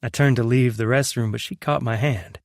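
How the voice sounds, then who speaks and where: A young man narrating a romance audiobook in the first person, in a soft, unhurried, intimate way. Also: mid-range voice, steady tone, vocal fry, no echo, studio quality.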